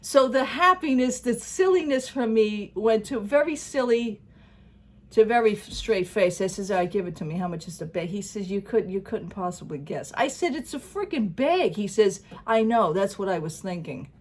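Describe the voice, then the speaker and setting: A woman's voice: mid-range voice, animated, moderate pace. Chatty New woman telling a story. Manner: chatty storyteller, acts out dialogue, laughs often. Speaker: vlogger. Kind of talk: casual chat to camera.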